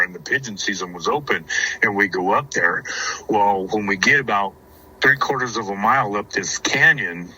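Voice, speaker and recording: A man's voice: lowish voice, pushed and bright, slight background noise, rough recording. A man, a guest on a show, telling hunting stories in a rambling way, repeating words and chuckling. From Arizona. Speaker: guest, houndsman. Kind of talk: casual storytelling.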